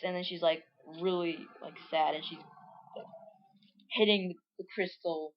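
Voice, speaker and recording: A woman's voice: on the low side, steady tone, a little slow, highs cut off. A woman casually reading through a comic she made as a child, rambling and full of fillers. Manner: rambling, filler-heavy, lots of "like". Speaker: reader of her own childhood comic. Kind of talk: casual storytelling read-through.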